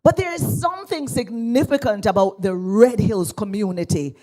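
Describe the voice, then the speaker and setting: A Jamaican woman pastor giving a lively speech at an awards ceremony in a church, drawing the audience into call and response. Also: medium pitch, moderate pace. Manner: animated, engages the audience, asks for call and response. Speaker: guest speaker, pastor. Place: church hall.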